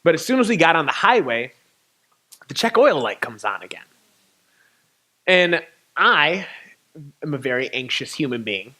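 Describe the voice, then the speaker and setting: Animated young man telling a story. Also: fairly high pitch, normal speed, pauses often. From Michigan. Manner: animated, acts out dialogue with laughter. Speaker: touring poet and guest speaker. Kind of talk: storytelling talk.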